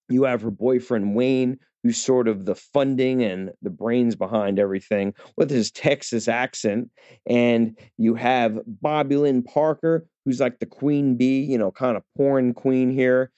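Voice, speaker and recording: A movie reviewer talks straight to his viewers in a chatty, casual film review, full of fillers and restarts. His mid-range voice is warm and measured, and the lo-fi recording is dull and dry, with no room sound.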